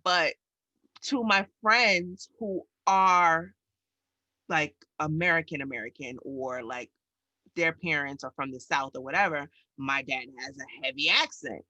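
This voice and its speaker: A woman from New York co-hosting a podcast, an animated storyteller who acts out voices and reactions in casual chat. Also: low voice, unhurried, no echo. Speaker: podcast co-host.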